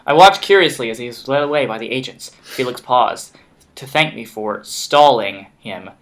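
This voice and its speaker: Bright-voiced man reading a game story. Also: mid-range voice, lively intonation, normal speed. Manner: reads narration with slips and restarts, laughs often. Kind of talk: casual let's-play chat and reading aloud.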